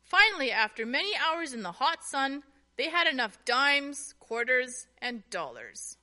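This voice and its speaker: Lady reading a kids' story, slow and bouncy, bright voice. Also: high voice, sing-song. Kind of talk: children's storybook narration.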